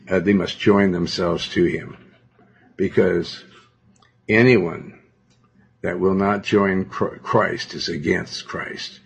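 Male pastor, deep gravelly voice, domineering and rambling, husky tone, lo-fi recording. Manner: domineering, rambling, with many fillers. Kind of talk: sermon. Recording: dull lo-fi recording.

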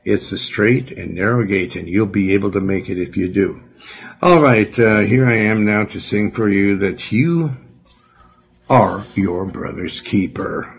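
A man's voice: on the low side, a little slow, gravelly, slightly rough, highs cut off. A man, a pastor, leading a prayer and closing a radio sermon with fervent, earnest repetition.

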